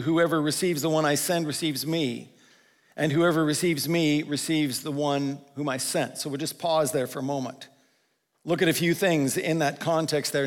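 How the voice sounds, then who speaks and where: A male pastor giving a conversational sermon, slowing down to stress the scripture he quotes. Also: on the high side, long reverb tail. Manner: conversational preaching, quotes scripture with slowed emphasis.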